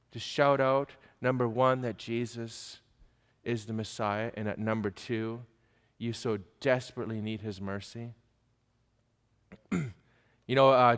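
A man's voice: medium pitch, clear, resonant tone. A male preacher giving an emphatic sermon, pressing his listeners with pointed questions. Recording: long hall reverb.

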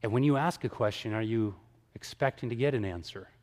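A man giving a sermon-style talk, telling stories with lively acted-out dialogue. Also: mid-range voice, brisk, in a large hall. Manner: animated storyteller, acts out dialogue. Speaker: evangelist speaker.

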